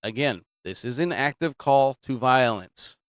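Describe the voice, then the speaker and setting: A man's voice: medium pitch, lively intonation, unhurried, clean tone. A man hosting political commentary, talking casually and emphatically, repeating his points and drifting off topic. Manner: repetitive, emphatic, digressing.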